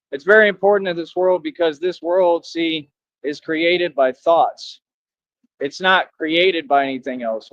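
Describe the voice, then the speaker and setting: A man's voice: a little high, no room sound. A man talking to his viewers in a rambling, defiant, preachy monologue, repeating himself. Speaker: streamer. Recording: dull lo-fi sound.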